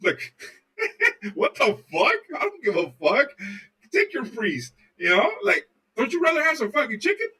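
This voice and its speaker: Husky, bright-voiced man telling profane stories. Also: very high voice, wildly swooping pitch, measured pace, recorded from a distance, poor audio. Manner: profane, loose, swears constantly. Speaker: podcast co-host. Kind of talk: casual chat, rambling storytelling.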